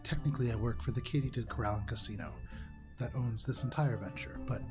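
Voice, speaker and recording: A man's voice: mid-range voice, fast talker, music in the background, pitched below the performer's own voice, lightly acted. Man voicing a dry, skeptical alien woman. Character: skeptical female alien casino agent.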